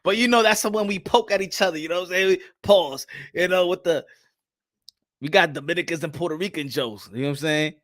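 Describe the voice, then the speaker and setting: A man hosts a boxing talk stream in loose, animated chat. He laughs often and drifts in and out of Spanish. His voice sits high and bright, with a forceful edge. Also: fairly quick, no echo, clean studio sound. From New York City. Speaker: boxing channel host. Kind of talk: casual live-stream chat.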